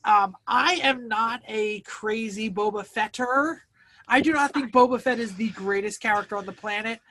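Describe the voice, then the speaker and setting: A man's voice: high voice, moderate pace, sharp tone, slight background noise. A man hosting a casual podcast chat, recapping a plot at length and stopping to explain the background. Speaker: podcast host.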